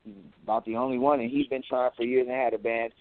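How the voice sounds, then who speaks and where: A man talking as an interview guest, boastful and animated, who often repeats words as he goes. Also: mid-range voice, fast talker, no echo. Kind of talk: casual interview talk. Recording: tinny phone-like audio.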